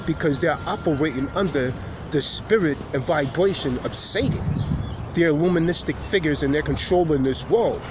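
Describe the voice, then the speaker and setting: A man holds forth like a street preacher, his voice sitting a little high for a man. He leans hard on key words and stretches out his pauses. Traffic and city noise run clearly behind him outdoors. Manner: emphatic, preacher-like delivery with drawn-out pauses. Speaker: host. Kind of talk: preaching lecture to camera.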